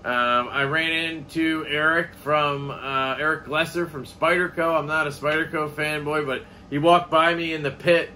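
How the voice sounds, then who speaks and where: A man's voice: on the high side, steady tone, moderate pace, hardly any pauses, sharp tone, slight background noise. A man vlogging in a casual, rambling way, swearing offhandedly as he chats. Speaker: knife collecting vlogger. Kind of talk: casual chat.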